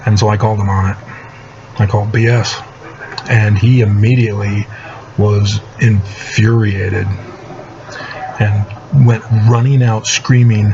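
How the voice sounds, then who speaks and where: A man telling his own story in a casual monologue, aggrieved and sardonic, halting with many fillers. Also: lowish voice. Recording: muffled lo-fi recording with steady background noise.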